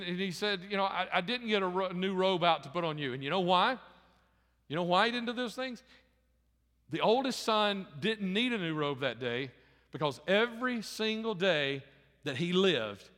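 A high-pitched male pastor delivers a sermon in a church sanctuary, retelling a story casually and stumbling over repeated words. His voice is bright and forceful, and a long reverb trails behind it. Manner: conversational storytelling with frequent restarts.

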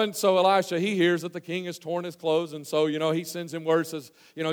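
Folksy high-voiced preacher in an echoing hall. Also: male voice, flat delivery, brisk, hardly any pauses, smooth. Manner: folksy, storytelling, many fillers and restarts, swings from hushed to loud. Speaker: pastor. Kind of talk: sermon. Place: church sanctuary.

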